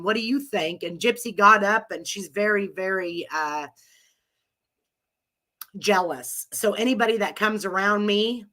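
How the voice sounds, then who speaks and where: Casting note: bright, forceful middle-aged woman with a cold, rambling live host. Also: medium pitch. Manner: rambling, chatty, laughs often. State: has a cold. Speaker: live audio room host. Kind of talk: casual chat with listeners.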